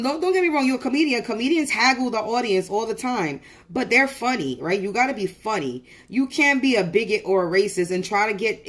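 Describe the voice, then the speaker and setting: A woman's voice: medium pitch, fairly bright tone. A woman venting on a phone livestream, telling a story in a heated, profane way with lots of restarts. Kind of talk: venting casual monologue.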